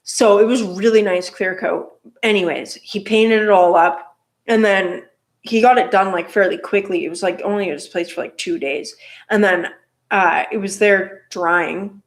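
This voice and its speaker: A woman's voice: medium pitch, steady tone, moderate pace. A woman telling a casual story about her motorcycle build, rambling with lots of fillers and restarts.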